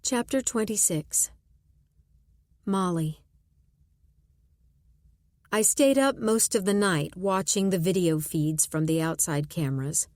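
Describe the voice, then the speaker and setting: A woman reads a suspense audiobook in first person, measured and tense. Her voice sits low and moves very slowly. The recording is close and dry, with no room sound. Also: a little mellow, no echo. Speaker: audiobook narrator. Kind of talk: first-person scripted narration.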